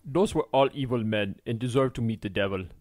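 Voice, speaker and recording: A man's voice: medium pitch, fairly quick, a little mellow, no echo, clean studio sound, lightly acted. A man voicing a nervous pleading runaway.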